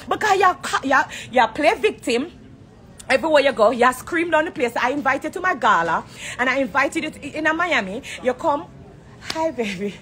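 A woman's voice: high-pitched, animated, normal speed, fairly bright tone. A woman with a Jamaican accent, in her forties, ranting bluntly and profanely in patois on a phone livestream from an airport corner. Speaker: celebrity going live.

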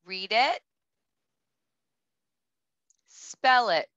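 A woman kindergarten teacher leading a recorded lesson for young children, speaking slowly and clearly, with patient prompts. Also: fairly high pitch, fairly bright tone, dry recording. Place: home. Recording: slightly dull lo-fi audio.

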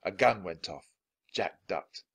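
A man reading a children's chapter book aloud, clear and deliberate for learners of English. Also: deep voice, expressive, a bit bright. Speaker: storybook reader.

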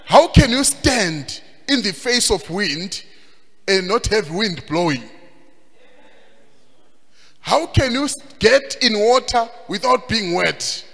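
A man preaching a sermon, emphatic and sing-song, rising at times to shouts. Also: high-pitched. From Zimbabwe. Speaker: pastor. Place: church hall. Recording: long hall reverb.

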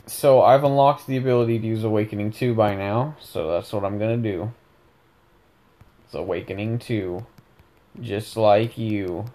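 A man's voice: lowish voice, darkish tone. A young man casually commentating his own gameplay, joking around, rambling and correcting himself as he goes. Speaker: gaming video host.

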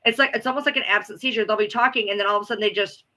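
Bright-voiced woman rambling casually. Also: medium pitch, steady tone, rapid-fire. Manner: rambling, repeats herself, casual swearing. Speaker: livestream host. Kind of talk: casual chat answering viewers.

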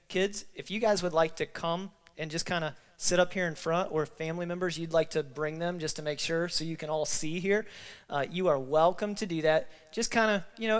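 A man's voice: a little high, clean tone. A male pastor giving closing remarks at a church service, emotional and rallying the congregation, his nose stuffy from crying. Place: church sanctuary.

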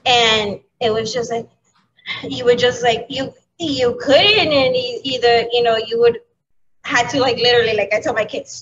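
Candid woman with a high voice, lo-fi. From New York City. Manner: candid, halting, with soft laughs. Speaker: educator, interview guest. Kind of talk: emotional interview talk. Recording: dull lo-fi audio with clear background noise.

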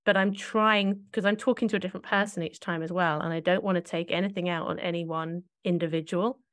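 A woman's voice: on the low side, steady tone, fairly quick, a bit bright, dry recording. A woman co-hosting a podcast, talking in a reflective, searching way and often correcting herself mid-thought. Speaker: podcast co-host.

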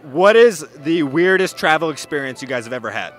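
A man's voice: on the high side, animated, a little fast, a bit bright. A man doing playful, teasing comic interviews with strangers at a busy travel expo. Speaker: street interviewer.

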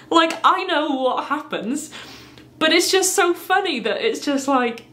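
Brief: giggly woman book vlogger with a slightly high voice, casual chat into a handheld phone at home. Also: lively intonation, slow, pushed and bright. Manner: giggly and chatty, laughs at herself. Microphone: handheld phone camera.

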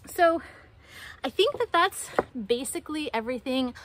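A woman's voice: high voice, animated, normal speed, background noise. Chatty woman teaching pottery, slightly breathless. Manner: chatty, playful, self-deprecating. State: a little out of breath. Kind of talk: casual demonstration lesson. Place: pottery studio, working at a table.

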